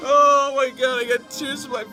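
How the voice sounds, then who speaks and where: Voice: high voice, flat delivery, normal speed, over music. A movie reviewer in casual chat, incredulous and laughing to tears, swearing freely. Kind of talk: casual chat while watching a film. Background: film soundtrack playing.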